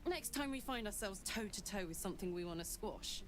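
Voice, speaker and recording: A woman's voice: mid-range voice, expressive, brisk, close to an everyday voice. A woman voicing a brash, fiery female tiefling warrior who is blunt, eager and swears freely.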